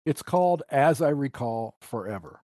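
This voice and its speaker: A man's voice: medium pitch, animated, moderate pace, mellow, no room sound. Reflective man guest, dry close sound. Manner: reflective, emotional storytelling. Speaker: guest musician. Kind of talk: storytelling interview.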